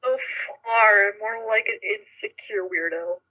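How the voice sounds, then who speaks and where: A woman's voice: mid-range voice, takes it slowly, sharp tone, slightly rough, dull audio. A woman voice actor chatting on a call, giggly and offhand. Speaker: guest voice actor. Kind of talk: casual chat on a call.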